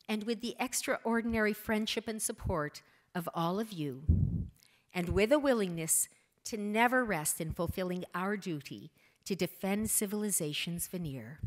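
A middle-aged woman giving a prepared, earnest tribute speech at a hotel gala, measured with emphatic rises. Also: lowish voice. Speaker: gala speaker, daughter of the foundation's namesake. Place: hotel ballroom.

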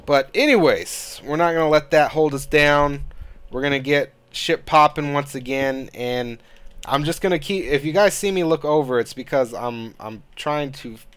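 A man's voice: fairly high pitch, moderate pace, fairly bright tone, smooth. Frustrated, cussing gaming host guy. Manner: frustrated, rambling, swears a lot. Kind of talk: casual let's-play commentary.

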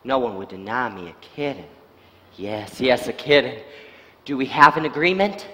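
A man's voice: mid-range voice, normal speed, a bit bright, lightly acted. An actor playing a volatile, sly male asylum patient on a theatre stage, swinging between whispering menace and shrieking pleas. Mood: scheming. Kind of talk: live stage acting. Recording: stage voice with long theatre reverb.

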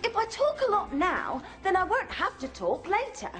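An actress playing an excitable, overdramatic young woman in a sitcom for English learners. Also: very high-pitched, normal speed, soft background music, full character voice. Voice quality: squealing, overdramatic. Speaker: sitcom character.

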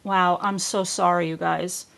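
A woman's voice: lowish voice, level tone, measured pace, vocal fry, fairly bright tone. A woman vlogger chatting casually to the camera at home, gushing and effusive and often trailing off mid-sentence. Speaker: craft vlogger unboxing gifts.

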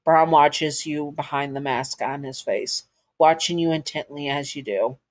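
A woman's voice: low voice, measured pace. A woman narrating a second-person audio story to the listener, with casual asides.

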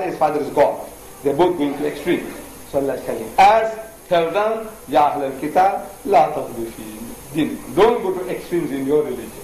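Quick-talking older preacher in an echoey hall. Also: male voice, fairly high pitch, slight background noise. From India. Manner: animated storytelling with pointed questions to the audience. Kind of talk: public lecture.

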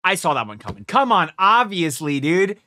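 A young man hosts a casual reaction video and thinks out loud as he watches. His voice sits a little high, swings widely in pitch and has a bright edge. He talks excitably, swears often and is recorded in a dry, close space. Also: normal speed, no echo.

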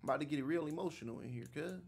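A man streaming a football video game, trash-talking with profanity in a loose, animated way. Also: a little high, racing, gravelly, slightly rough. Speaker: gaming streamer. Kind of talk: casual gameplay commentary.

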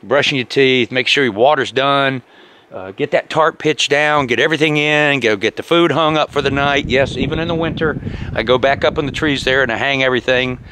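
A man's voice: medium pitch, fairly quick, noisy background. A man chatting cheerfully to the camera while camping in snowy woods. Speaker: outdoor vlogger. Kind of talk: casual narration to camera. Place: snowy woods campsite outdoors.

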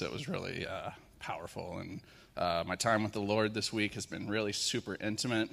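A man in his thirties preaching in a church, soft-spoken and openly emotional. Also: lowish voice, creaky. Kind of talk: sermon with worship prayer. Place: church sanctuary. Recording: long hall reverb in church.

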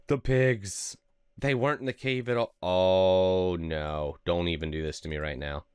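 Deep voiced guy doing a lets play, smooth clean sound, unhurried, jumps up loud when stuff goes wrong. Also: no echo. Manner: excitable, yelps and laughs at the game. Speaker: gaming video host. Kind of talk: casual let's play commentary.

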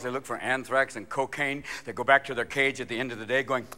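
A man performing live stand-up comedy on a theater stage, with a manic, rapid-fire delivery full of quick character voices and shouted punchlines. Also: medium pitch, fairly even intonation, slight background noise. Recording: live stage recording with loud audience. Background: audience laughter and hall ambience.

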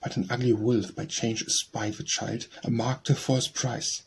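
A man reading a narrative poem for children as an audiobook narrator, in a rhythmic, measured verse style. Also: medium pitch, little pitch movement, creaky, a little hiss or hum, rough recording.

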